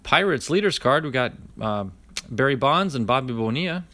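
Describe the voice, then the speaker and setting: A man's voice: medium pitch, animated, moderate pace, sharp tone. A man vlogging as he opens a pack of cards, reading each name aloud in a chatty running list and talking to viewers by name. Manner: talks to live viewers by name. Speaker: card-opening vlogger. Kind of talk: casual card-opening commentary.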